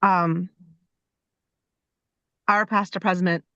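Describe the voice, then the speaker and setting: A woman who leads a unit, sharing in an online meeting in a soft, slightly halting way. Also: fairly low pitch, fairly even intonation, dry recording, lo-fi sound. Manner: soft-spoken, a little halting. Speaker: workshop participant, unit leader.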